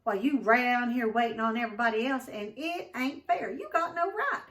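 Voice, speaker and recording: A woman voicing a feisty young girl, high and indignant. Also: lively intonation, moderate pace, fairly bright tone, distant mic. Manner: indignant, pleading, rising in pitch. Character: feisty, outspoken young girl standing up for herself.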